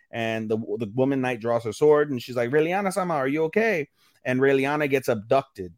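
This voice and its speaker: A man's voice: medium pitch, darkish tone, dry recording. Brief: male podcast co-host, loose profane recap style, mid-range voice, close dry mic. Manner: loose and profane, acts out characters' lines in quick voices. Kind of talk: casual anime recap chat.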